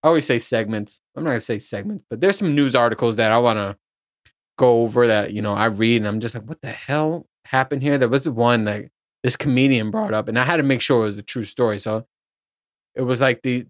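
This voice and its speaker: A man hosts a podcast alone in a loose, rambling chat, and he swears as he goes. His voice sits at an ordinary middle pitch, and the sound is close and dry with no room echo. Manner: rambling, profane, laughs at his own points. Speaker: podcast host. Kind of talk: casual solo chat.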